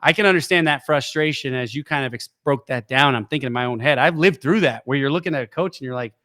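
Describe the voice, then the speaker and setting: A middle-aged man co-hosting a sports podcast in casual chat, an animated storyteller who jumps into high voices to act out quotes. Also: fast. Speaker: podcast co-host.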